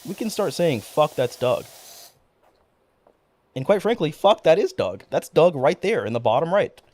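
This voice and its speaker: A man's voice: on the high side, a little fast. A young man chatting casually on a livestream, rambling, cursing freely and getting worked up as he talks. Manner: rambling, profane, excitable. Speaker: streamer.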